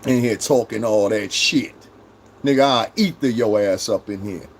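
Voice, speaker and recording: At a normal speed, with a little hiss or hum on the recording, a man streaming live launches into a foul-mouthed, aggressive tirade against his chat. He ridicules commenters by imitating them in high-pitched voices.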